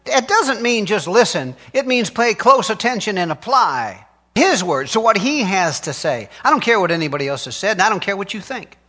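Emphatic high-voiced preaching man. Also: very animated, normal speed, pushed and bright. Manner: emphatic, call-and-response preaching. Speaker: pastor. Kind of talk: sermon.

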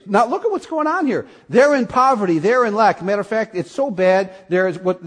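Male preacher, high voice, very animated delivery, asks the congregation questions, sermon. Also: husky. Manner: animated preaching, rising to high excited calls. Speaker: pastor.

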